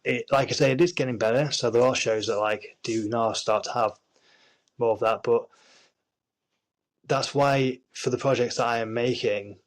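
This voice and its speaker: Man, Yorkshire accent, interview guest, earnest, frequent restarts, mid-range pitch. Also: steady tone, normal speed, poor audio. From Yorkshire, England. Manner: earnest, many restarts and fillers. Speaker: actor and screenwriter, guest. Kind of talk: casual interview chat.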